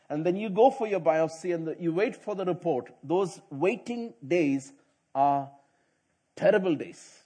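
A middle-aged man preaching a sermon as pastor. He tells stories in a quiet, chatty way and rises into loud, emphatic preaching. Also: fairly high pitch, lively intonation, measured pace, slightly rough.

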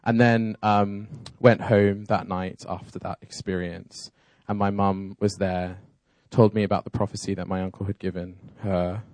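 A man's voice: low-pitched, little pitch movement, moderate pace, hardly any pauses, darkish tone, no echo. A man telling his personal faith testimony in an earnest, storytelling manner.

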